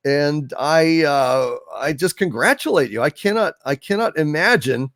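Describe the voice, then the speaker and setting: Man hosting a stream, slow and theatrical, with a lively, fairly high voice. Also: no echo, clean studio sound. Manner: theatrical, hailing viewers grandly. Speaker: live-stream host. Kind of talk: reading viewer chat messages on a live stream.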